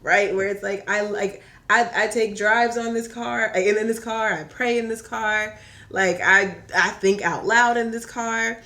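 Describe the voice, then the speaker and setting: A woman from Virginia chatting on a podcast as a guest, telling a story in a lively way and acting out the voices she quotes. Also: medium pitch, measured pace. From Hampton Roads, Virginia. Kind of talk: casual chat.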